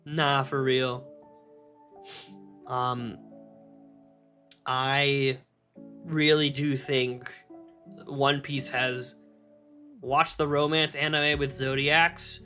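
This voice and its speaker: A young man streaming live, chatting casually to his viewers, animated, laughing often and swearing freely. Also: mid-range voice, drawn-out words, pauses often, soft background music.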